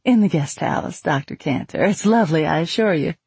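A man voicing a cheerful, chatty woman clerk who welcomes newcomers with brisk politeness. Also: fairly high pitch, animated, a little mellow, slightly rough, no room sound, heavily acted. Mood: cheery.

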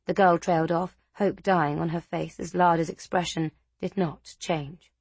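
A woman narrating a novel as an audiobook, measured and steady. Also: fairly low pitch, slightly rough, no echo. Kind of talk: scripted narration.

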